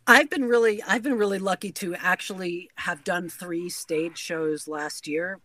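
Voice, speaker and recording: A woman's voice: lowish voice, measured pace, sharp tone, no echo. A woman who works as a dialect coach, chatting animatedly as a guest. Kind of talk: casual conversation.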